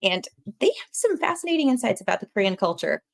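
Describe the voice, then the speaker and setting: Podcast host: animated woman, quick to laugh, casual chat. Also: mid-range voice, creaky. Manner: animated, laughs often, talks with her hands.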